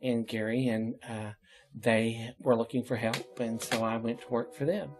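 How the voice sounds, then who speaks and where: A man's voice: medium pitch, fairly even intonation, moderate pace, music in the background. Chatty man telling stories with laughs. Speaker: interview guest. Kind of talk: casual storytelling interview.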